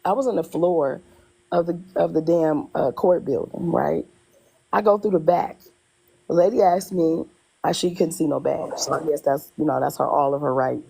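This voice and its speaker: A woman telling a personal story in casual conversation, animated, often repeating herself and acting out what people said. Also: low voice, normal speed, vocal fry, slightly rough, low-quality recording. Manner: animated, retells dialogue in quotes, repeats herself. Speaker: guest telling her story.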